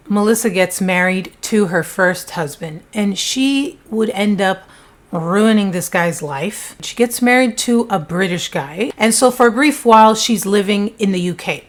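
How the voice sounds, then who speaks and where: A woman recounting a true-crime case in a chatty, conversational voice, with plenty of casual asides. Her pitch sits in an ordinary middle range for a woman.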